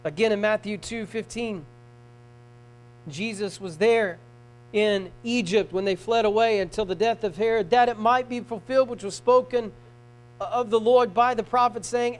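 Man preacher, really high voice, goes quiet then shouts, reads scripture, hum in the background. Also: poor audio. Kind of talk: sermon. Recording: mains hum.

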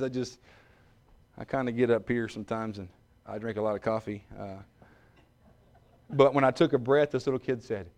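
A man preaching a sermon, dropping to quiet, joking asides and rising to shouted peaks. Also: medium pitch, fairly quick, long pauses. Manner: humorous, self-mocking asides.

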